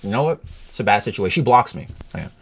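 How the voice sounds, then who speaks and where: A vlogger tells a breakup story in a loose, rambling rant, swearing freely and asking the listener over and over whether they follow. The voice is husky and a little rough. The pitch swings widely from low, weary mutters to sharp high peaks. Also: animated, quick pace. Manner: rambling, profane, keeps asking "you know what I'm saying".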